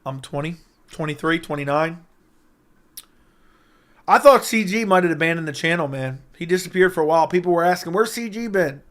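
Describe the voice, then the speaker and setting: A young man hosting a casual livestream from a room at home, talking close into a studio mic, joking and crude, with sudden loud bursts. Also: fairly high pitch, lively intonation, a little fast, pauses often. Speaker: livestream host. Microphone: close studio mic with audio interface.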